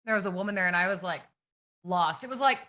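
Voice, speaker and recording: A woman from Western Pennsylvania, chatting casually and telling stories in an animated way as a co-host. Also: lowish voice, quick pace. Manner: animated storyteller. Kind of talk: casual chat.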